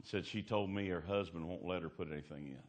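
Low-voiced guy preaching, folksy, goes from loud fired-up bursts to quiet storytelling. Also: fairly quick, a little hiss or hum. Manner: fervent, swings from loud climbs to hushed storytelling; folksy, colloquial grammar. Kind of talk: sermon.

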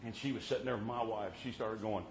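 A man's voice: lowish voice, steady tone, fast. Folksy preacher man telling a story. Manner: folksy, punctuates with amen, swings loud to hushed. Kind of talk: sermon storytelling. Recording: muffled lo-fi with faint hiss.

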